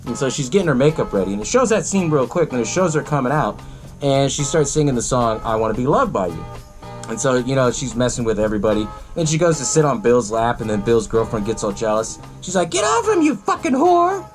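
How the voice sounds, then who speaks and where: A man's voice: mid-range voice, expressive, quick pace, a little mellow, soft background music. A man hosting a podcast, casually retelling a movie in a rambling, profane way and laughing often. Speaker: podcast host.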